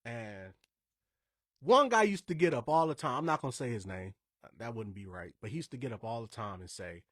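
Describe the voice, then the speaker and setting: A man's voice: mid-range voice, lively intonation, fairly quick, a bit bright, no echo, studio quality. A man from Indiana hosting a podcast, telling stories in a casual, emphatic way with rambling asides. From Indiana, USA. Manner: emphatic, conversational, wandering asides. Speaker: podcast host.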